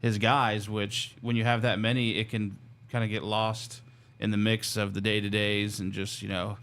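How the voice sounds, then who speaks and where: A man's voice: fairly low pitch, flat delivery, moderate pace, a bit bright, smooth. A man hosting a casual workplace chat show, talking freely and laughing through his stories. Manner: chatty, laughs while telling stories. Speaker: host. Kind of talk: casual company podcast chat.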